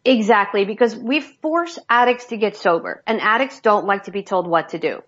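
A woman's voice: medium pitch, normal speed, a bit bright, breathy edge, highs cut off. A woman speaking as an addiction specialist guest, telling stories candidly and bluntly. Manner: blunt, emphatic. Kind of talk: candid interview storytelling.

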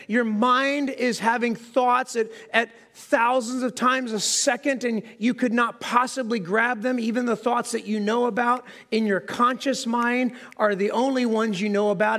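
A pastor delivering a sermon to his congregation, talking in a relaxed, conversational way and poking fun at himself. His speaking voice sits quite high for a man. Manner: conversational, self-deprecating, asks the congregation questions. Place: church sanctuary before a congregation.

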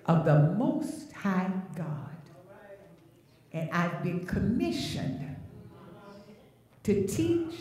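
A woman's voice: lowish voice, dark tone, far from the mic. A woman pastor preaching a sermon, emphatic and rhythmic, drawing out her phrases. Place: large church sanctuary. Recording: very echoey sanctuary, voice from afar.

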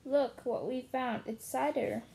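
A woman's voice: high-pitched, a little slow, vocal fry, mellow, a little hiss or hum. A woman voicing a small, eager boy fox cub in a storybook reading. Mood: excited.

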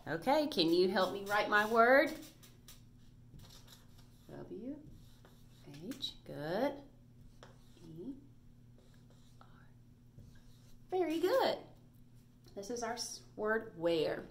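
A woman's voice: medium pitch, big pitch swings, very slow, pauses often, a little hiss or hum. A woman teaching a recorded reading lesson to first graders, patient and praising as she spells out letters.

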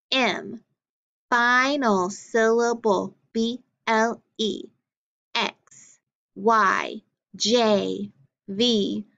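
A woman teacher leads young children through a phonics drill at an unhurried pace. She sounds out each letter and vowel carefully, with steady encouragement. The recording is slightly dull and lo-fi. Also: fairly high pitch. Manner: slow, clearly enunciated, encouraging praise.

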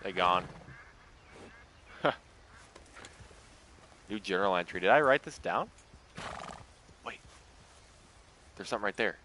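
A man's voice: sits low, animated, takes it slowly, pauses often, sharp tone, a little hiss or hum. A man streaming a game live, chatting casually, swearing and talking to the animals on screen. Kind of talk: live gameplay commentary.

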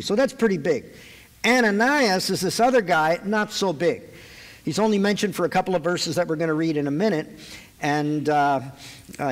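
A man preaching a sermon to a live audience, conversational and joking as he retells a Bible story. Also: on the high side. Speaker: pastor. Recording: long hall reverb.

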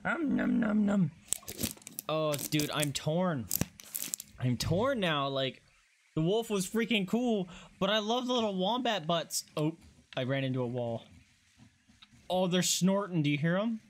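A man streaming a video game in casual let's-play commentary, gushing and excitable, squealing and swearing as he plays. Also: high-pitched, a little slow. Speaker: gaming streamer.

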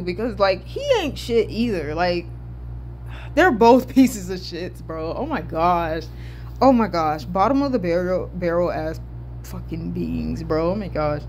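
A woman's voice: lowish voice, a little hiss or hum. A woman from the southern United States giving casual reaction commentary, swearing freely and stuttering as she rambles. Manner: animated, swearing, laughing, stuttering.

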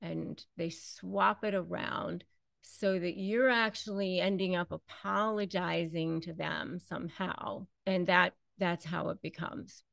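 Gravelly, unhurried woman giving advice. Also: medium pitch, fairly bright tone, dry recording. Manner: conversational, repeats herself, acts out quoted lines. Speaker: host. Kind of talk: direct-to-camera advice talk.

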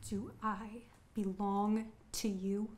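An actress playing an indignant young actress on a film set who lectures a castmate in a pointed way. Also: female voice, fairly high pitch, unhurried, slight background noise, lightly acted. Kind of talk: student film acting.

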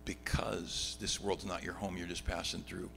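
A middle-aged pastor teaching a Bible study, reading scripture aloud and swinging from loud excitement to quiet asides. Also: male voice, sits low, normal speed, creaky. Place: church sanctuary. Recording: long hall reverb, faint background hum.

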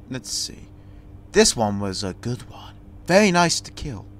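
A young man commentating on a horror game, sarcastic and jumpy, shouting when startled. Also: mid-range voice, a little hiss or hum. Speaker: gameplay commentator.

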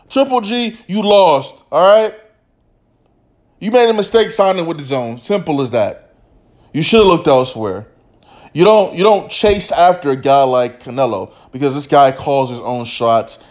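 A man vents to his camera, blunt and heavy with slang and swearing. His voice sits a little high for a man, and he mocks the people he talks about. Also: animated, normal speed, a little mellow. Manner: profane, blunt, slangy, mocking; reads a quote aloud in a stilted voice. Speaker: boxing commentary vlogger. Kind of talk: casual rant to camera.

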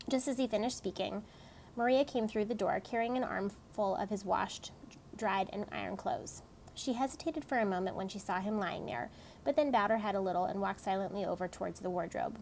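A woman reads a novel aloud with steady, plain storytelling. Her voice sits at a middling pitch with a strong gravelly fry. Her delivery stays even and unhurried. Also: slight background noise, low-quality recording. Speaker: audiobook reader.

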